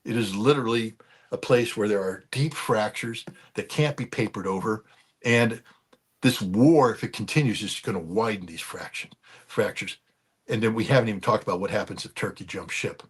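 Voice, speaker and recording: Guy ranting about politics, husky voice, blunt and mocking. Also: lowish voice, moderate pace. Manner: blunt, emphatic, mocking asides. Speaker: commentator. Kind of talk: animated political commentary.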